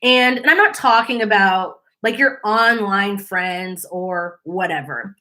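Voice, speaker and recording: Bright animated woman host. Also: medium pitch, slow. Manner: chatty, animated, mimics people in quotes. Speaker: commentary channel host. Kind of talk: casual commentary.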